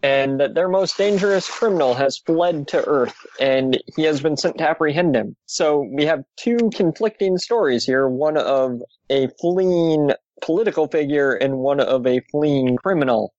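A man's voice: fairly high pitch, normal speed, hardly any pauses, no room sound, highs cut off. A man casually recapping an old comic book story on a podcast, with dry asides. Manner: steady summarizing, dry asides. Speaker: podcast host.

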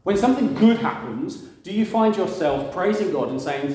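A man's voice: sits high, very animated, normal speed, a little mellow. A man preaching a conversational sermon, asking the congregation questions and acting out quoted voices. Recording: very echoey room.

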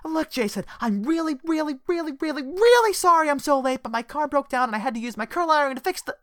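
Lady reading a breathy gushy girl, all flustered and high, dry sound. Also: big pitch swings, bright, forceful tone, no room sound. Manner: breathy, gushing, rushed. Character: flustered bubbly young woman, smitten. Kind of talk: audiobook character voice.

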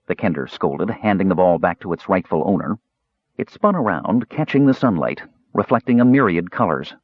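Low, husky male audiobook narrator. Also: moderate pace, no echo, lo-fi sound. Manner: expressive storytelling.

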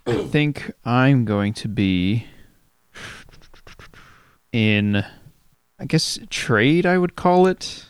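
A man's voice: mid-range voice, animated, very slow, long pauses, smooth, no room sound. A man playing a tabletop game, playful and joking with his group. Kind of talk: casual chat.

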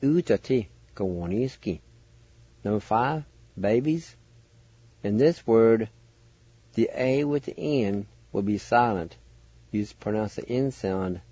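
A man teaching word spellings and pronunciation on a radio show, spelling letter by letter in a slow, patient way. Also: medium pitch, dark tone, breathy edge, no room sound, dull audio. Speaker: language teacher and radio host.

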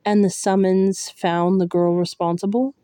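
A woman's voice: medium pitch, flat delivery, a little slow, warm tone, no echo, studio quality, lightly acted. Woman voicing a scarred fox-masked fae man.

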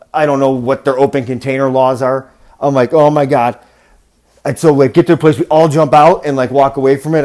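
A man hosting a podcast, casually telling a travel story, swearing freely and bursting into loud rants. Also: medium pitch. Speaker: podcast host.

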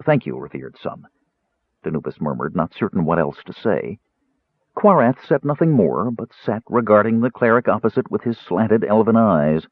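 A man reads fantasy fiction aloud in a low, husky voice with a lively, animated delivery. The sound is dry and tinny, like audio heard through a phone. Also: moderate pace, no room sound. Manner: expressive, voices characters. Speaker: audiobook narrator. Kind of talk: scripted fantasy narration.

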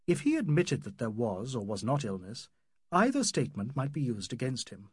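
A man reads a classic novel aloud in a measured, wry manner. His voice is slightly husky and a touch high, with lively rises and falls, recorded close and dry with no room sound. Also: no room sound. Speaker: narrator. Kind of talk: audiobook narration of a classic novel.

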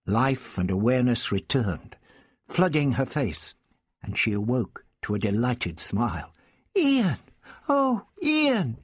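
A man narrates an adventure audiobook in a dramatic, measured way. His low, husky voice moves slowly, with lively rises and falls in pitch that stress the tension. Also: no room sound, studio quality.

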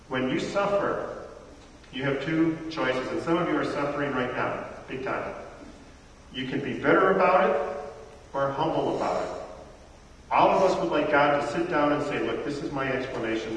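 A man's voice: mid-range voice, fairly bright tone, a little hiss or hum. A middle-aged man preaching a sermon in a chatty, conversational way, asking his congregation questions, recorded from far off in an echoey church hall.

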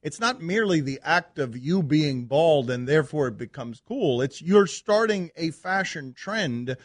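A man's voice: on the high side, expressive, unhurried, no room sound. A man hosting a sports radio show in a studio, talking in a rambling, sarcastic, exasperated way. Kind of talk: casual sports talk chat.

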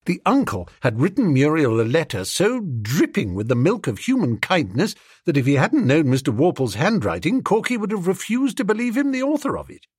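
Comic audiobook narrator, husky, dry and close, very animated. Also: male voice, a little high, a little fast, few pauses, no room sound. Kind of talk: scripted narration.

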